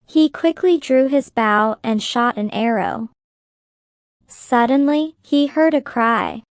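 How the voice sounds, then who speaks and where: Slow, clear woman reading a story. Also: on the high side, dry recording, studio quality. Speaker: narrator. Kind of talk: slow graded-reader story narration.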